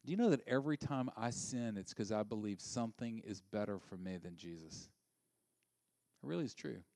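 A male pastor preaching a sermon. He is animated and sometimes drops to a hushed near-whisper for emphasis. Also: on the low side, normal speed, creaky, dry recording.

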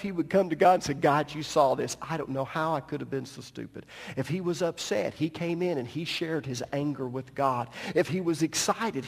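A man preaching a sermon as pastor, telling a story with animated delivery and joking asides. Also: a little high, long reverb tail.

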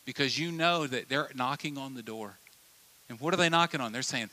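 A male pastor delivers a sermon in a bright, forceful voice. He talks to the congregation conversationally and animatedly, slipping into the voices of the people in his anecdotes. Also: medium pitch, brisk. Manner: lively, conversational, acts out quoted voices.

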